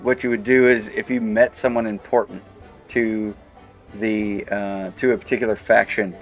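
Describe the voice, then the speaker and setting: A man narrating a tabletop game as game master, halting often with fillers and little laughs. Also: on the low side, little pitch movement, soft background music.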